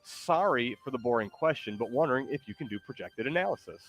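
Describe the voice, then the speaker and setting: A man's voice: medium pitch, animated, quick pace, fairly bright tone. Laid-back man streamer, faint music behind. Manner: laid-back, hesitant, laughs often, reads chat aloud. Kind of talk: casual stream chat.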